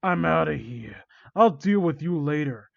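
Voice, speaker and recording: A man voicing a manipulative male hedgehog villain in a low, taunting voice. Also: animated, measured pace, vocal fry, no echo, highs cut off, full character voice. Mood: dismissive.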